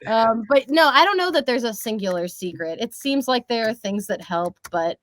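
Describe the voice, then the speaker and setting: A woman in her twenties, a voice actress talking as a podcast guest, lively and laughing often, slipping into character voices. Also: a little high, normal speed, a little hiss or hum. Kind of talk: casual podcast interview.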